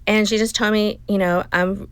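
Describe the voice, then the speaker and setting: A woman in her fifties recounts a hard personal story in conversation, voicing each exchange as quoted dialogue. Her mid-pitched voice has a gravelly fry, and the recording is close and dry. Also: fairly even intonation, moderate pace, a bit bright, no echo, poor audio. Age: 50s. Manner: emotional, retelling dialogue in quotes. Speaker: guest.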